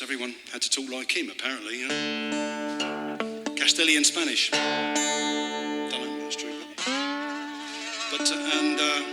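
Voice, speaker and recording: A man talking between songs at a live club gig, rambling and wry, halting with fillers and political jokes. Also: fairly high pitch. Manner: halting, with many fillers and restarts. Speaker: folk singer and storyteller. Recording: hall reverb with guitar playing.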